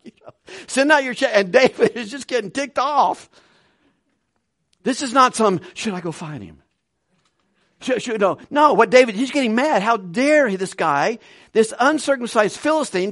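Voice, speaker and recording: A man preaching a conversational Bible study sermon with animated delivery and frequent chuckles. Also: sits high, no room sound, clean studio sound. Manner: conversational, animated, laughs between points.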